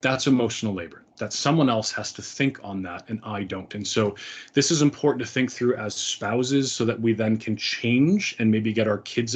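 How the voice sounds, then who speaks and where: A man's voice: on the low side, husky. A middle-aged man giving an earnest, conversational talk to parents, with frequent fillers and restarts. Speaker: speaker.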